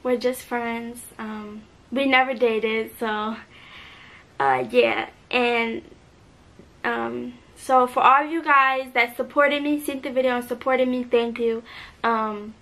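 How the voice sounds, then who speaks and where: A teenage girl with a bright, slightly high voice speaks to her viewers at home. She talks hesitantly and earnestly, pausing often with soft fillers. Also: fairly even intonation. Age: teens. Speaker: vlogger. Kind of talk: emotional apology video.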